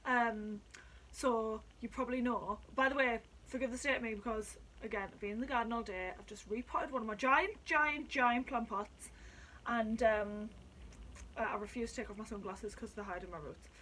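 A woman chatting excitably at home in a casual vlog, sweary and talkative. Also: fairly high pitch, moderate pace, slight background noise, low-quality recording. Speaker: vlogger reviewing drinks. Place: at home indoors.

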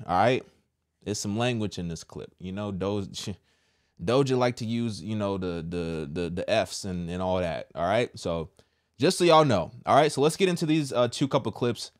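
A man hosting casual commentary, animated and repetitive, talking straight to his viewers. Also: lowish voice, normal speed. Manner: animated, repeats himself, talks straight to viewers. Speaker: commentary host.

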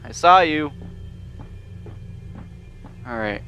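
A man's voice: on the high side, lively intonation, extremely slow, sharp tone, clean tone, faint music behind. A man giving nervous, jumpy let's-play commentary on a horror game he is playing. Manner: jumpy, nervous, swears mildly, yelps when startled.

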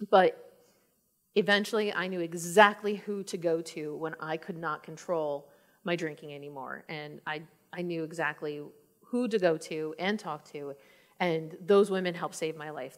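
A woman shares her own story from the front of a church in a fairly low voice. She tells it as a lively tale, acting out her past remarks and breaking into laughs as she goes. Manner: laughs often. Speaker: church speaker sharing her testimony. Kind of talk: personal testimony talk.

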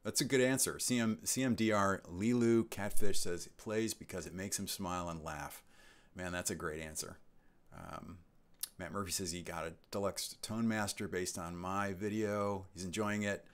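The host of this channel's live stream is a man in his sixties with a deep voice, fairly even intonation, and normal speed. He chats casually, reading viewer comments and adding rambling asides.

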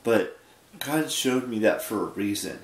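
A man's voice: on the low side, expressive. Sleepy rambling young man, echoey room. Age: 20s. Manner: rambling, halting, with many restarts. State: sleepy, yawning. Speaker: vlogger. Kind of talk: casual late-night vlog monologue.

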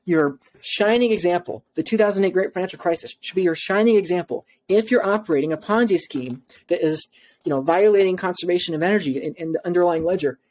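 A man's voice: sits high, fast, a little mellow. Passionate, insistent man on a podcast. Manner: restarts and stumbles in a rush of words. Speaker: podcast guest. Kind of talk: podcast interview talk.

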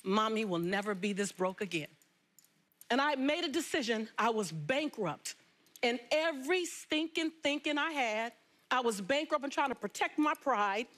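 A woman with a notably high voice tells her life story as a talk show guest. She is from Los Angeles and speaks in an animated, emphatic way. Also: moderate pace. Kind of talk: storytelling interview.

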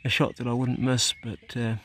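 A man's voice: mid-range voice, little pitch movement, normal speed, a bit bright, a little hiss or hum. A man filming himself on a farm, giving casual hunting commentary, swearing freely and talking to his dog. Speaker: hunting vlogger. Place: outdoors on a farm.

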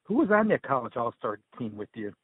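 A man's voice: mid-range voice, very animated, a little fast, husky. A man hosting an interview who asks short, prompting questions. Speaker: interview host. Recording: phone-like lo-fi recording.

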